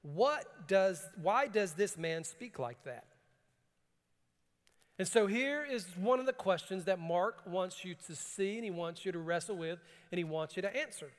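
High-voiced preacher in a reverberant hall. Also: male voice, unhurried. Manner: animated preaching, laughs often, reads scripture in a lower calmer voice. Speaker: pastor. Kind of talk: sermon with scripture reading.

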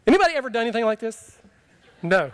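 High-voiced man preaching a sermon. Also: sing-song, fast, clean tone. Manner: conversational, humorous, asks the congregation questions. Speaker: pastor. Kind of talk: sermon with personal story.

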